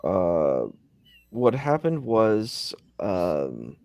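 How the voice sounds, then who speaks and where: A man's voice: low voice, big pitch swings, very slow, a little mellow, no echo. A man in casual conversation, rambling through a story with many fillers, speaking from a hospital.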